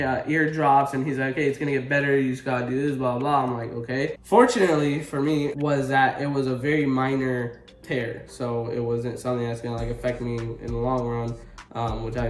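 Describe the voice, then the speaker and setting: A young man vlogging casually, telling a story with swearing and loud, animated exclamations. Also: mid-range voice, reverberant. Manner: animated, swearing, rising to exclaims when retelling pain.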